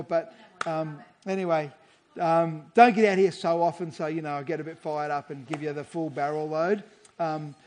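High-voiced man preaching a sermon. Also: a little mellow. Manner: earnest, conversational, reads scripture aloud. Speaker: guest preacher.

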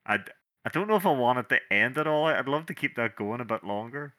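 A man's voice: medium pitch, lively intonation, fast talker, sharp tone. A Scottish man co-hosting a podcast in casual chat, talkative and fond of mimicking people. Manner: chatty, mimics people in quotes. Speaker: podcast co-host.

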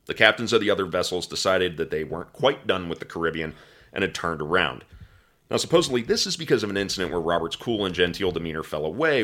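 A man hosting a podcast, telling a history story in an animated storytelling way. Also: low voice. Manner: animated storyteller, breaks into laughter and mock voices.

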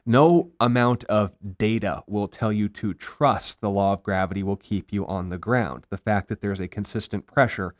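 A man hosting a faith discussion show as pastor, explaining his points in an earnest, brisk way. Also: fairly low pitch, no echo, clean studio sound. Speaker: pastor and host.

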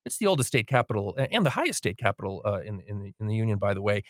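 A man's voice: fairly low pitch, sing-song, racing, dry recording. Fired-up radio host guy ranting, voice jumping all over, dry studio sound. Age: 40s. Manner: heated, indignant, sarcastic. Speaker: radio talk show host. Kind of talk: political commentary rant. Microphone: studio microphone.

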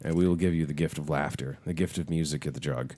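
A man's voice: very deep voice, fairly even intonation, quick pace, dark tone. A man in his thirties, co-hosting a casual chat, telling rambling, profane stories and laughing often. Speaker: podcast co-host.

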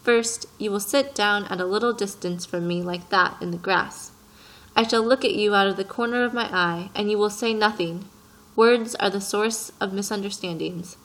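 A woman voicing a wise, patient male fox in a storybook, reading in a gentle, earnest way. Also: mid-range voice, moderate pace, close to an everyday voice, rough recording.

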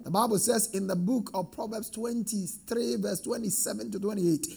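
A man's voice: sits high, fairly even intonation, moderate pace, gravelly, hardly any pauses, darkish tone, husky. A man preaching a sermon with call-and-response, rising into sing-song emphatic swells.

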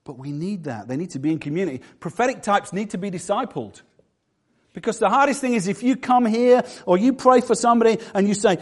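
A man's voice: sits high, fast. A middle-aged man preaching a sermon as pastor, conversational and self-deprecating.

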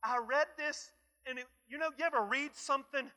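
A man preaching a sermon emphatically, repeating key phrases and swinging from soft asides to shouts. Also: very high-pitched, fairly quick. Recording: long hall reverb.

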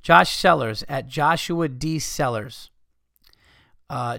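A man's voice: medium pitch, steady tone, unhurried, vocal fry, a bit bright, no echo, clean studio sound. A man hosting a podcast, reading listener messages aloud in a loose, profane, casual way and stumbling over the text.

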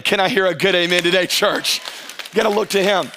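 There's vocal fry in the notably high voice of this middle-aged male pastor, who delivers a lively sermon while staying relaxed and conversational. He frequently slows right down to stretch important phrases, now and then briefly imitating how churchgoers talk.

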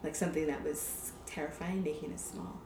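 Woman from california, lowish voice, musing and hesitant, distant from the mic, echoey room. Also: steady tone, brisk, over music. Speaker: poet, podcast guest. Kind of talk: casual conversation. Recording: roomy echo, distant from mic, faint noise.

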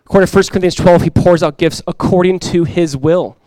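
A male pastor in his thirties preaching a conversational, animated sermon with quick asides. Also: high voice, no echo.

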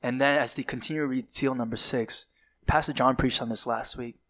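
A man's voice: medium pitch, steady tone, fairly quick, fairly bright tone. A man preaching a sermon, building dramatic emphasis and sometimes dropping to a whisper, with occasional fillers and self-corrections.

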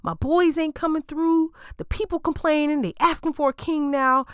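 A woman's voice: high voice, fairly even intonation, normal speed, a bit bright, no room sound, studio quality, pitched above the performer's own voice. A woman voicing Samuel, an earnest, worried male prophet who talks in casual slang, in a retold Bible story. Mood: fretting. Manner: slangy, fretting.

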